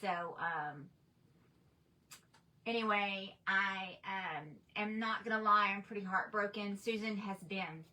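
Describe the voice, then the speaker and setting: A woman's voice: mid-range voice, steady tone, slow pace, bright, forceful tone, recorded from a distance, rough recording. A woman hosting a crafting livestream, chatting casually and reading viewer comments aloud in a rambling way. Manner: chatty, rambling, with frequent restarts and fillers.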